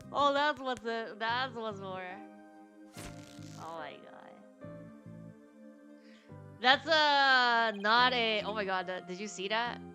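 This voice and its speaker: A woman's voice: on the high side, pushed and bright. A woman streaming a game, chatting casually with giggly, slangy asides. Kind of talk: let's play commentary.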